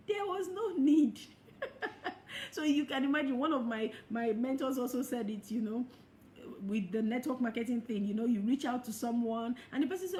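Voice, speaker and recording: A middle-aged woman giving a motivational talk as a life coach, expressive and laughing often as she acts out quoted thoughts. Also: on the high side, moderate pace. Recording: echoey room with faint noise.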